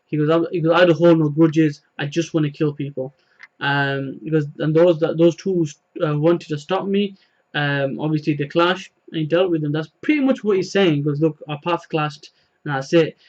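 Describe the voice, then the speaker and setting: A man's voice: a little high, steady tone, normal speed, darkish tone, dull audio. A man casually recapping a manga chapter, rambling with many fillers and retelling the dialogue. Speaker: manga reviewer.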